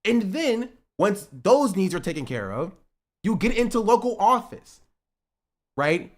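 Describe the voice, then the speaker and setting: Very animated yet unhurried, this medium-pitched voice belongs to a streamer in a heated rant at their live chat. They lecture in short bursts, repeat punchy phrases, and swear freely.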